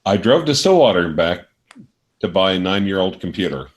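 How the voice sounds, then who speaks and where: Low-voiced man making dry asides. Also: very animated, a little fast. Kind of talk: casual chat.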